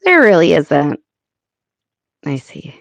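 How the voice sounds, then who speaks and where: An American woman hosts a relaxed livestream chat, talking slowly and thinking out loud. Her voice sits a little low. The sound is dry and close, with no room around it. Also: creaky, dry recording, lo-fi sound. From United States. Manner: chatty, thinking aloud with many fillers. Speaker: livestream host. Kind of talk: casual live chat.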